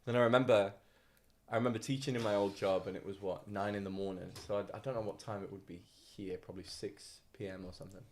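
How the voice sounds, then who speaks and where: A man co-hosting a podcast, telling stories in a casual, animated way, often mimicking other people's voices and laughing as he talks. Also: on the low side, fast talker. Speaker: podcast co-host. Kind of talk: casual storytelling chat.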